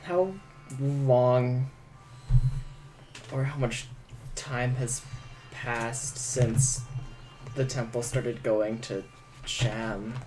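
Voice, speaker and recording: Man, tabletop player, mid-pitch, slow hesitant speech, faint music behind. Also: steady tone, a little mellow, poor audio. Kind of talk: in-character tabletop role-play.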